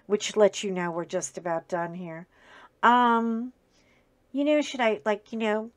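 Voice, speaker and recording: A woman's voice: mid-range voice, fairly bright tone, no echo. Chatty middle-aged woman vlogging at home. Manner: chatty, rambling, with many fillers and restarts. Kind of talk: casual chat to camera. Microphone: webcam at desk with ring light.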